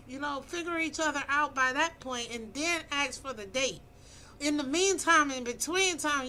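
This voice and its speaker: Blunt high-voiced woman in her fifties. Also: pushed and bright, poor audio. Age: 50s. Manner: blunt, preachy, emphatic. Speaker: vlogger giving dating advice. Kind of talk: casual opinionated monologue.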